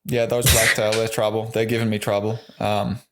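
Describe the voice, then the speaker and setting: A man with an Australian accent chats as a podcast guest, his voice sitting on the low side. He talks in an easygoing, rambling way, leaning on "like" and "um" as he goes. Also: flat delivery, normal speed, music in the background. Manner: easygoing, rambling, says "like" a lot. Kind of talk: casual podcast chat.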